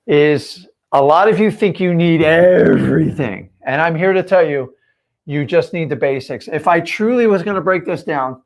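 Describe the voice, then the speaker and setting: A man coaching his viewers on a live stream, talking straight at them in an emphatic, direct way. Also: on the high side. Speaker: real estate coach.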